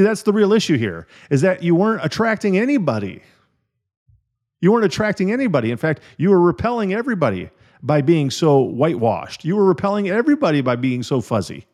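A man's voice: high voice, darkish tone. A middle-aged man hosts a solo coaching podcast in an emphatic, direct manner. He addresses the listener head-on and repeats key words to drive his point home. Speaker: podcast host and insurance business coach.

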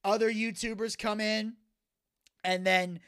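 Lively podcast guy, laughs a bunch, does little voices while he tells stuff. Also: high-pitched, unhurried, clear, resonant tone. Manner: animated storyteller, acts out voices while retelling; laughs often. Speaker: podcast co-host. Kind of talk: casual chat.

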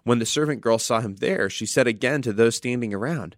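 A man's voice: mid-range voice, brisk, dry recording. Earnest male pastor preaching in a dry room. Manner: earnest storytelling with dramatic reading. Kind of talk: sermon.

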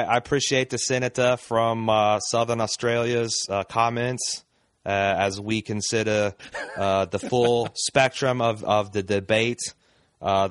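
A grandiose filibustering senator in slow, mock-grave oratory, as a man puts him on. His voice is low and a touch raised in force, recorded dry and close. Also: no echo, close to an everyday voice.

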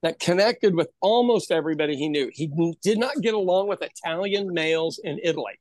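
A man's voice: fairly high pitch, a little fast, no room sound. An Irish man co-hosting a podcast, telling stories in casual chat and laughing often. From Ireland. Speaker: podcast co-host.

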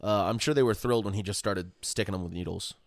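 A man co-hosting a casual comedy podcast, trading quick deadpan quips and short agreements. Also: fairly low pitch, no echo, clean studio sound. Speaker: podcast co-host.

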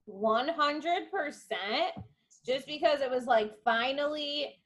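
Higher-voiced young woman chatting. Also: takes it slowly. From upstate New York. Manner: emphatic, rambling, fond of "like". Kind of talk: casual chat among friends.

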